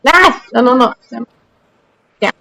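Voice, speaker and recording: A woman with a light Austrian accent streams a game and chats with her viewers. Her voice sits a little high. She rambles in loose, easygoing asides between attempts. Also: expressive, a little slow, vocal fry, bright, forceful tone, poor audio. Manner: chatty, rambling, answers chat while playing. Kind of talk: casual gaming stream chat.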